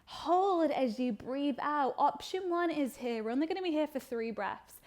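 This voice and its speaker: A young woman teaching a yoga class, giving calm step-by-step cues timed to the breath. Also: high voice. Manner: calm instructional cueing, slow breath-paced phrasing. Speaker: yoga instructor.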